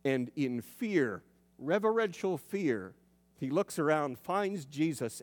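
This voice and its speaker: A male pastor preaching a sermon in a conversational, storytelling way, slowing down for emphasis. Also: fairly high pitch, lively intonation. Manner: conversational storytelling, dramatic slowdowns. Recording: long reverb of a large hall.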